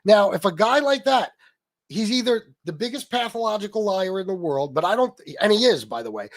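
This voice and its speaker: A middle-aged man hosting a political livestream, ranting angrily and sarcastically with plenty of swearing while answering his chat. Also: high voice. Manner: angry, profane, sarcastic, talks to chat. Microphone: streaming mic.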